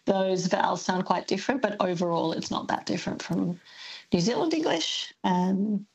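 Gravelly-voiced female linguist, hesitant. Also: mid-range voice, moderate pace, highs cut off. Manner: thoughtful, hesitant with many ums. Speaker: linguistics academic guest. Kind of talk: radio interview.

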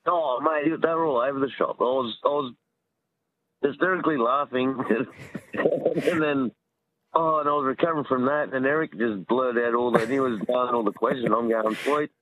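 An Australian man calling in to a radio quiz, rambling and excitable with lots of ums. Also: mid-range voice, moderate pace. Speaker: caller. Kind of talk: phone-in radio chat. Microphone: phone. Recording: tinny phone line.

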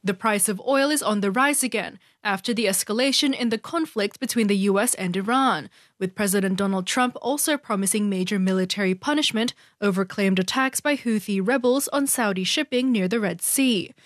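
A woman delivering a news report in a crisp, formal way. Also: medium pitch, brisk, hardly any pauses, no echo, studio quality.

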